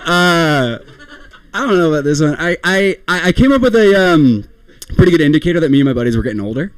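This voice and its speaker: A man's voice: on the high side, expressive, quick pace, no echo. A young man performing a rambling, self-deprecating stand-up comedy set, often laughing at his own jokes.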